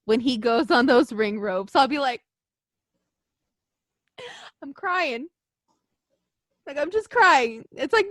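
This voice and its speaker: A woman co-hosting a podcast in casual chat, excitable and gushing, swearing freely. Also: high-pitched, slow, long pauses, no room sound, studio quality. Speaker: podcast co-host.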